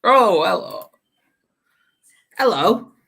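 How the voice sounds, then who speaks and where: A man's voice: high voice, big pitch swings, drawn-out words, creaky, a bit bright, slightly rough. A man hosting a casual livestream talk show, rambling with fillers as he introduces segments. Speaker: host.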